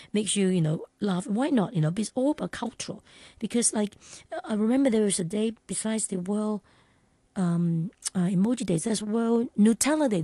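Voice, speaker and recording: A woman's voice: medium pitch, mellow, no echo. A woman in casual conversation, rambling with many fillers and restarts.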